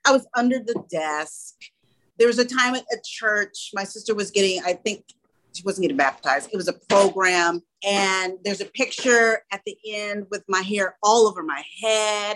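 Earnest woman telling animated stories. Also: mid-range voice, low-quality recording. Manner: earnest, animated storytelling with quoted dialogue. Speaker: small school or daycare founder. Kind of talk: casual interview chat.

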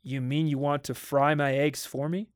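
An easygoing husband, as a man reads him aloud in a storybook reading. He talks calmly and soothingly, with light amusement. The voice sits slightly high and the sound is dry. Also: normal speed, clean tone, dry recording, close to an everyday voice. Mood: teasing.

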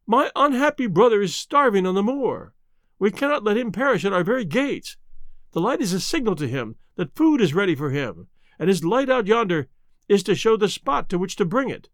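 A man's voice: high voice, big pitch swings, moderate pace, fairly bright tone, dry recording, studio quality, voice pushed up. A man putting on a distraught middle-aged housekeeper. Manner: pleading, urgent.

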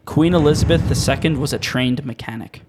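A man's voice: a little high, fairly quick, darkish tone, husky. A man in casual chat with friends, easygoing and good-natured while playing a trivia game. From Calgary, Canada.

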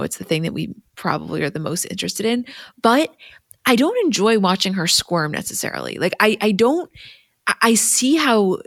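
A woman co-hosting a casual pop-culture podcast, chatty and quick to laugh. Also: medium pitch, vocal fry, fairly bright tone, no room sound, clean studio sound. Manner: chatty, laughs often, reads ads conversationally. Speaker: podcast co-host. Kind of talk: casual chat about reality TV.

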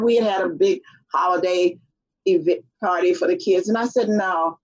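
A middle-aged woman, a guest, tells a story in an animated chat and acts out the voices of people she quotes. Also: medium pitch, moderate pace. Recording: dull lo-fi sound.

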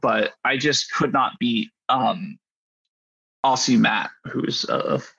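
A man's voice: mid-range voice, slow, gravelly, bright, forceful tone, slightly rough, muffled recording. A man casually telling a rambling story about poker hands, full of fillers and self-deprecating asides. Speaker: poker player guest.

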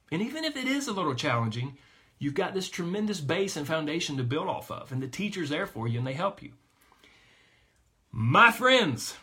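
Male coach, bright forceful tone, fairly high voice, energetic, emphatic group talk. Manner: energetic, emphatic, addresses listeners as guys. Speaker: weight loss coach.

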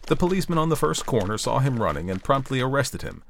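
A man reading a storybook aloud, expressive and playful, with chatty asides to the listener. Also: medium pitch, fast, creaky, slight background noise.

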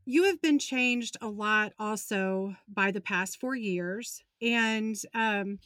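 A woman's voice: mid-range voice, slow pace, fairly bright tone, no room sound, studio quality. A woman in her forties hosting a faith-based interview, speaking in an encouraging, conversational way. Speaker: host.

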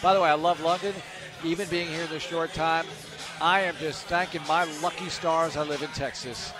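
A man's voice: fairly high pitch, fairly even intonation, normal speed. A man hosting a radio show on location, chatting casually and rambling from topic to topic. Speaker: radio host. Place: on location at a bar in London. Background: music.

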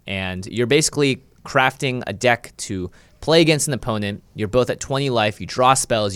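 A man's voice: fairly low pitch, fairly bright tone, clear, resonant tone, no room sound. A young man with a Canadian accent, a podcast guest who talks in an easygoing, jokey way. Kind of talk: casual interview chat.

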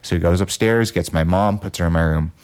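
A man's voice: sits low, fairly quick, a little mellow. Loose-talking man telling a story. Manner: loose, profane, filler-heavy storytelling. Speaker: podcast host. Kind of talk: casual storytelling chat.

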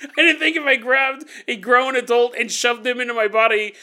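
A man doing a sheepish kangaroo monster, high-voiced. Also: fairly even intonation, normal speed, pushed and bright, clean tone, full character voice. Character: oblivious cheerful male kangaroo creature.

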